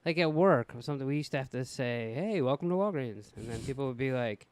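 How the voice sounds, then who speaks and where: Man, podcast co-host, dry teasing, swears casually, smooth clear voice, dead dry sound. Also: medium pitch, quick pace, no echo. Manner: dry teasing, profane ribbing. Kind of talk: casual chat.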